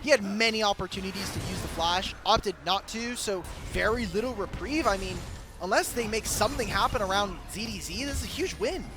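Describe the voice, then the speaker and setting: A man's voice: sits high, brisk, over music. A man giving casual, explanatory color commentary on an esports match. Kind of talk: analytical commentary.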